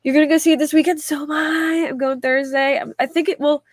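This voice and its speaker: A woman's voice: high-pitched, fairly even intonation, quick pace, dry recording. A woman hosting a casual livestream, chatting in a rambling way and reading viewer comments aloud. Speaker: livestream host.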